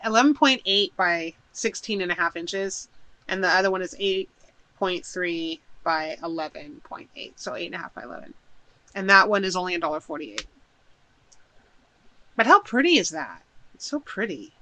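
A woman's voice: fairly low pitch, lively intonation, moderate pace, sharp tone, low-quality recording. A woman chatting casually while unboxing a shopping haul at home, gushing and thinking aloud as she unpacks. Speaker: haul vlogger.

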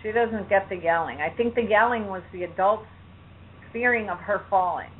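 A woman's voice: medium pitch, slightly rough. Hesitant woman over a phone line. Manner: hesitant, halting, many fillers. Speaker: client in a demo session. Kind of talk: recounting a childhood memory.

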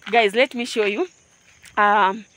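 Kenyan woman vlogger, playful direct-to-viewer chat, crisp bright tone, recorded on site. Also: mid-range voice, steady tone, takes it slowly, a little hiss or hum. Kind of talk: casual vlog chat. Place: outdoors at a home building site.

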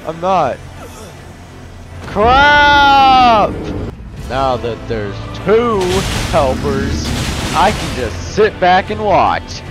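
A young man giving excitable, joking let's-play commentary, often yelling. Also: sits high, very slow. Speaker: gaming youtuber. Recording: loud game music behind.

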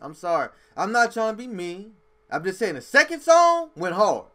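A man's voice: sits high, moderate pace. A man hosting a music reaction video, giving blunt, emphatic opinions in casual street slang. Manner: animated, emphatic street slang, says "bro" often.

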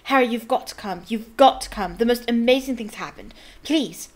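A woman's voice: on the high side, normal speed, lightly acted. A woman voicing an eager, bossy teenage schoolgirl witch who talks urgently. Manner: urgent and insistent.

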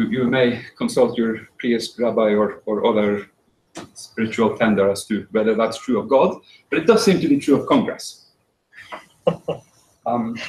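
A man giving a talk and telling a folk tale, with dry, wry humor and frequent halting restarts. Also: on the low side. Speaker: speaker. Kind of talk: storytelling talk. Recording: roomy echo.

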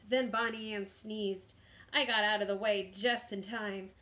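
A woman teacher reading a picture book aloud in a slow, expressive storytime manner. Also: mid-range voice.

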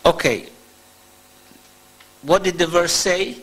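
Man lecturing on scripture, bright forceful voice. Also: high voice, husky, rough recording. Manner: explains slowly, recites Arabic verses in quick chant. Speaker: Islamic lecturer. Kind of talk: religious lecture on Quranic verses.

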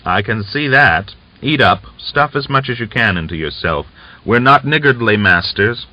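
A man's voice: mid-range voice, lively intonation, normal speed, pushed and bright, no room sound, pitched above the performer's own voice. Man voicing a boastful rebel Cossack leader. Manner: boastful, coaxing, smugly confident. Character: scheming bluff male rebel Cossack leader. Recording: dull lo-fi audiobook recording.

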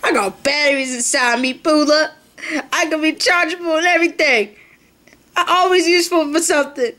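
A woman voicing a chatty, girly female Easter egg who talks in excited, gushing bursts. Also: sits high, moderate pace. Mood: proud. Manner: gushing, excitable girlfriend talk.

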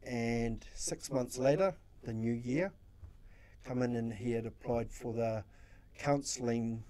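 A man recounts stories from his social work in a casual interview. He has a warm, mellow voice at an ordinary pitch and acts out his own quotes, swearing freely. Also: slow. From New Zealand. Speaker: social worker guest.

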